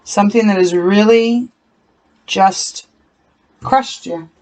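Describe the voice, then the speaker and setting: A tarot reader giving a solo card reading to viewers. The talk is earnest and emotional, leans slowly on painful words, and often repeats or corrects itself mid-sentence. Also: mid-range voice, darkish tone.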